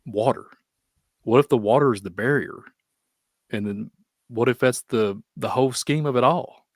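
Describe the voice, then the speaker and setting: A man with a Kentucky accent hosting a podcast, talking in a rambling, animated way with frequent laughs. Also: medium pitch, moderate pace, dry recording, studio quality. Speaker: podcast host. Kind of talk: casual conversation.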